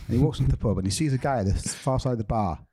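A man's voice: medium pitch, rapid-fire, mellow, breathy edge. A man with a Mancunian accent, a comedian guest in casual podcast chat, who swears freely and tells jokes with acted voices.

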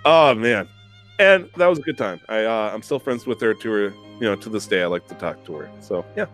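A young man hosting a podcast, telling an animated, profane, self-mocking story in casual chat. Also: lowish voice, brisk, soft background music. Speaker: podcast host.

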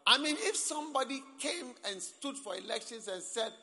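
A man preaching a sermon at a camp meeting, speaking emphatically, often rising to shouts and calling for amens. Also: extremely high pitch, expressive, normal speed, hardly any pauses, a faint crowd. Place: large hall at a camp meeting. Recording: echoey hall.

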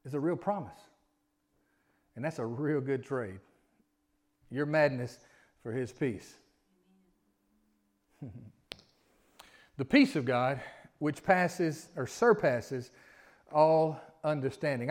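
A man's voice: mid-range voice, slow, long pauses. A middle-aged man preaching a sermon in a folksy, conversational way, drawing responses from the congregation. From Alabama, US. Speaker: pastor.

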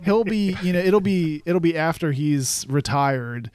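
Rambling man with a smooth voice. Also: on the high side, animated, measured pace, darkish tone. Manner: rambling, full of fillers and restarts. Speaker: podcast co-host. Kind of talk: casual sports chat.

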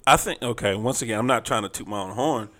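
Laid-back low-voiced man co-host. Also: fast, a bit bright. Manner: laid-back, earnest, explaining. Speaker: podcast co-host. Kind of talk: casual chat.

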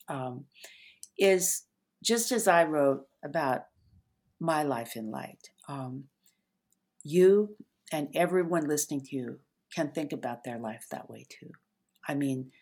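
Older lady w a super low voice, slow gentle storytelling, soft trailing endings. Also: gravelly, husky. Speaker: author and therapist guest. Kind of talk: reflective interview talk.

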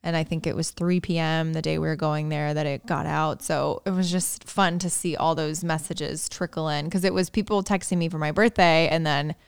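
A woman in her thirties co-hosting a podcast, telling stories in a chatty, animated way. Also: deep voice, moderate pace, vocal fry, hardly any pauses, clear, resonant tone, no echo. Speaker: podcast co-host. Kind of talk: casual chat.

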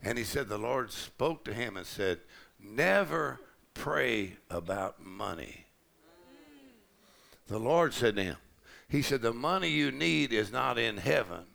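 A middle-aged man with a drawl preaches to a church crowd, his voice heavy with gravel. His tone is bright and forceful, and he swings from easy storytelling to shouting on the big lines. He sounds like he is on a church mic in a big auditorium. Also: mid-range voice, expressive, normal speed. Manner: rising to shouted declarations with a gravelly voice. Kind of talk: sermon.

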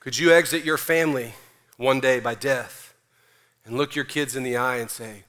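A man pastor preaching a sermon, emphatic and energetic, mixing in casual slang. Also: mid-range voice, moderate pace.

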